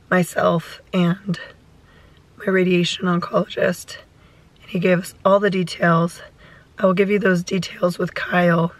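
A woman in her thirties with a hoarse voice, talking softly and a little anxiously in a casual vlog. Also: fairly low pitch, no echo, poor audio. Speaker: vlogger mother.

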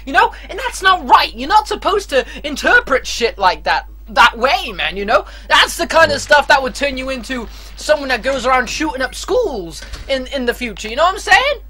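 Foul-mouthed guy rambling over a horror game, bright voice, really animated, screams when something jumps him. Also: extremely high pitch, moderate pace, hardly any pauses. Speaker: let's play commentator. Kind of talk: gameplay commentary.

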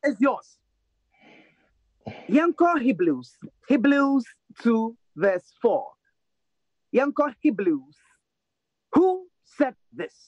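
A man's voice: very high-pitched, big pitch swings, extremely slow, pauses often, a little mellow, husky, dry recording. A man with a Ghanaian accent hosting a quiz round on a talk show, playful and teasing as he reads out questions. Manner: playful, teasing, mixes in Twi. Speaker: quiz host. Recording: dull, dry lo-fi sound.

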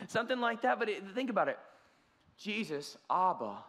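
A man's voice: sits high, lively intonation, fast, bright, forceful tone. A man preaching a sermon as pastor, earnest and conversational, often restarting his sentences. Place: church sanctuary. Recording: church hall reverb.

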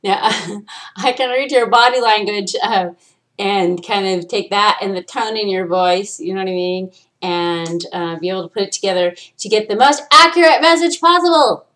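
A woman hosting a solo podcast, ranting in a profane, animated way and swinging between loud outbursts and low asides. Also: moderate pace. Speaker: podcast host.

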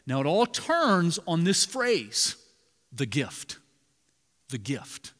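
High-pitched male pastor preaching, big hall reverb, gets loud then drops real quiet. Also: takes it slowly. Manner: animated preaching, swinging from loud to hushed. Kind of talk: sermon. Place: church sanctuary. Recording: long reverb in a large hall.

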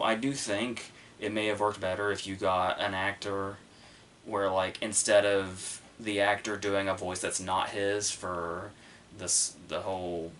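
A man's voice: fairly low pitch, fairly bright tone, a little hiss or hum. A young man hosting a podcast, chatting casually about a movie with lots of fillers and little laughs. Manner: rambling, frequent fillers and laughs. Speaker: podcast host. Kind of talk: casual film review chat.

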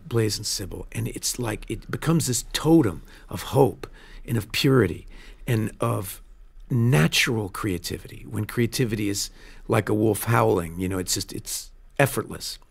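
A man, a film director, telling stories in a casual studio interview, earnest and animated, often restarting his sentences. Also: medium pitch, normal speed, gravelly, breathy edge. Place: radio studio.

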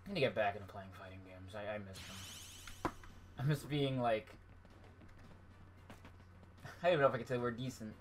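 A man's voice: on the low side, steady tone, normal speed, long pauses, noisy background. A man casually commentating his own gameplay on a live stream, self-mocking and swearing when frustrated.

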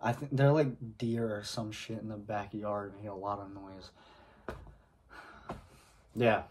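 A man speaks to camera in an unhurried, drawn-out way, as if recounting something that happened to him. His delivery halts and restarts, with pauses and throat clearing between phrases. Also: fairly low pitch, steady tone, a little mellow, a little hiss or hum. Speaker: vlogger. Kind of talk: casual storytelling to camera.

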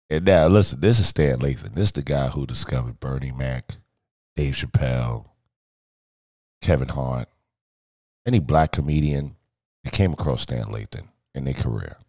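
A man hosting a casual live stream, talking in an animated, profane way that swings from shouts to mutters. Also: rumbling low, no room sound, studio quality. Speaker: streamer and host.

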